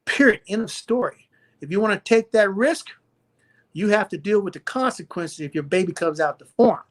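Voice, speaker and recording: A man's voice: high-pitched, animated, moderate pace. A man with a Southern US accent, a doctor speaking as a guest on a live-stream interview, emphatic and lecturing, repeating his points for stress.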